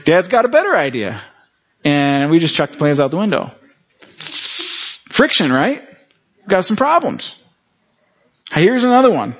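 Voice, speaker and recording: Male pastor with a somewhat high voice, giving a chatty sermon full of quick audience check-ins, captured on muffled, lo-fi audio. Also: very animated, slightly rough. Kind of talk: conversational sermon. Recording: dull lo-fi recording.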